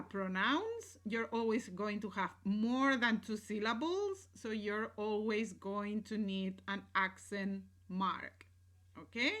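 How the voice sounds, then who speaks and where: A woman records a grammar lesson at a slow, patient pace. Her voice is bright and clear, and she keeps checking that her students follow along. She mixes English explanations with Spanish example sentences. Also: mid-range voice. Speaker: Spanish teacher.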